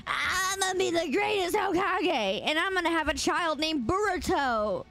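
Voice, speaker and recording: A woman doing an impression of a brash young boy ninja who brags loudly about his big dreams. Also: very high voice, expressive, normal speed, full character voice. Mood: boastful. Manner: loud, boastful, cheerful. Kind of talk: impression for stream chat.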